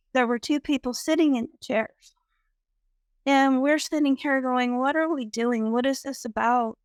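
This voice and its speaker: Slow, clear-voiced woman telling her story. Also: a little high, no room sound. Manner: slow, reflective, with frequent "um" pauses. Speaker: guest sharing a spiritual experience. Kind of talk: personal storytelling.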